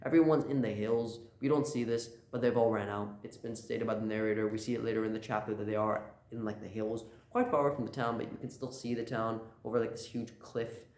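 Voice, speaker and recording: A man's voice: lowish voice, steady tone, brisk, hardly any pauses, a little mellow. A man casually recapping a manga chapter, rambling with lots of "uh" and "like" and slipping into quoted lines. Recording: roomy echo.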